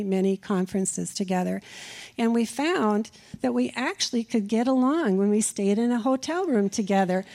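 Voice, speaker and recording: Woman from minnesota remembering a friend at a memorial service, soft mellow voice, unhurried. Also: mid-range voice. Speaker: friend giving a eulogy. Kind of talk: personal eulogy at a memorial service. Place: church sanctuary.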